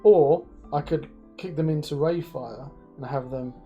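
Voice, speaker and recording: A man's voice: a little high, unhurried, highs cut off, soft background music. Jokey man hosting an interview. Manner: jokey, animated questioner with many restarts. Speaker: interview host. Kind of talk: casual live-stream interview.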